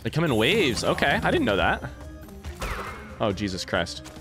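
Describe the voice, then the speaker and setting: A young man casually commenting while he plays a game and chats with viewers, breaking into yelps and shouts when things go wrong. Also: mid-range voice, measured pace, music in the background. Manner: excitable, swings into yelps and shouts at failures; chatty with chat, reads messages aloud. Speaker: streamer playing a game. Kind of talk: casual let's play commentary.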